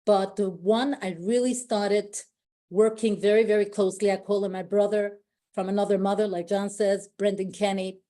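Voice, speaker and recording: A woman's voice: mid-range voice, little pitch movement, normal speed, mellow. A woman giving an emotional, effusive motivational speech to her company team on a call, often repeating herself and restarting sentences.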